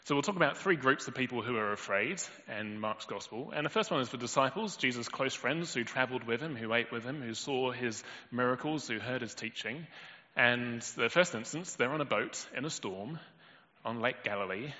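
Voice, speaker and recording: A man's voice: mid-range voice, moderate pace, bright, forceful tone. A man preaching a sermon in a storytelling way, acting out quoted lines with sudden lifts in his voice. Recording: dull lo-fi audio in a long-reverb hall.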